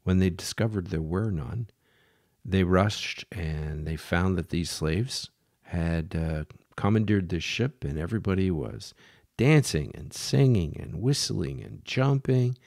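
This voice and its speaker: A middle-aged man with a deep, gravelly voice tells a history story slowly and unhurriedly. He halts often with fillers and restarts, and now and then drops to a whisper. The sound is dry and close. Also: animated, darkish tone, dry recording. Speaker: podcast host.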